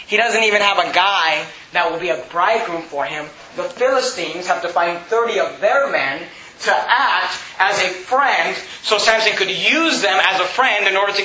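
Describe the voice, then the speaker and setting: A man's voice: high voice, bright, forceful tone, reverberant, dull audio. A man preaching a sermon as pastor, with emphatic, rising bursts of speech.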